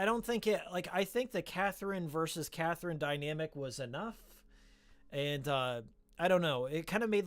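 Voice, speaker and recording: A man streaming live and chatting casually about games with his viewers, rambling with many fillers, restarts and repeated words. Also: on the high side. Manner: chats with viewers reading the chat.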